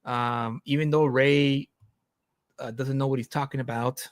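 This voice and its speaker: A man's voice: medium pitch, fairly even intonation, unhurried, clear, resonant tone. A man hosts a casual live stream chat in an ordinary middle-range voice. He talks loosely, with fillers, restarts and easy laughs. The sound is dry and close, with no room echo. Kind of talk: casual chat about comics.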